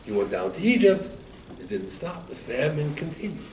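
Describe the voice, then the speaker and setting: A man giving a Torah class, telling stories and acting out each quoted line. His voice sits a little high and swings widely in pitch. He is recorded from some distance in an echoey room, with faint background noise. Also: moderate pace. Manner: animated storyteller, acts out quotes with rising pitch. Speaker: Torah teacher.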